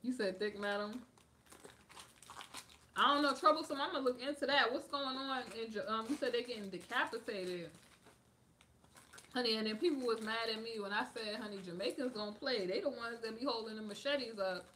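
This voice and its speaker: Bright and forceful, her high-side voice moves briskly over slight background noise. She's an American woman hosting a livestream, casually answering viewers' comments and drifting across topics with frequent "like" fillers.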